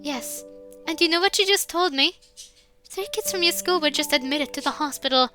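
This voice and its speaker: A woman's voice: high voice, moderate pace, sharp tone, faint music behind. A woman voicing a stern, disappointed mother in a visual novel, cold and reproachful. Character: stern, disappointed mother who works as a nurse.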